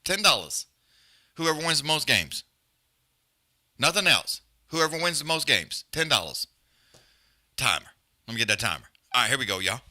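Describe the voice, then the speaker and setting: A man's voice: mid-range voice, moderate pace, long pauses. A man hosting a live fight stream, trash-talking in profane casual banter and calling the action. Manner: loud, profane, animated trash talk. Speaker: livestream host.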